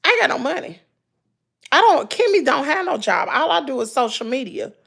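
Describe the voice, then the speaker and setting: A woman's voice: high voice, very animated, brisk, gravelly, fairly bright tone. A woman with a Southern US accent chatting casually to her livestream viewers, folksy and preachy, repeating herself for emphasis. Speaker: YouTuber talking to live chat.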